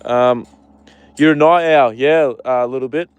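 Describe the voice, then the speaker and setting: A man's voice: mid-range voice, normal speed, clear, resonant tone. A man hosting a casual live stream outdoors by a horse paddock, rambling and answering viewer comments, with the odd swear word.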